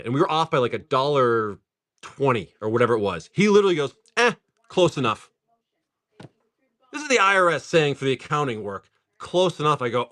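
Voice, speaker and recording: A man chatting casually on a livestream, telling a long story in a chatty style full of "dude" and "like". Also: on the high side. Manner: chatty and animated, says "dude" and "like" often. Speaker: livestream card seller. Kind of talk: casual storytelling while opening card packs.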